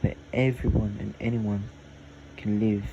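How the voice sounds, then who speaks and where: A man's voice: lowish voice, little pitch movement, a little slow, dull audio. A man voicing a loyal, kind young man who keeps his word, in an earnest storytelling voice. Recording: loud air conditioning hum. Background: air conditioning.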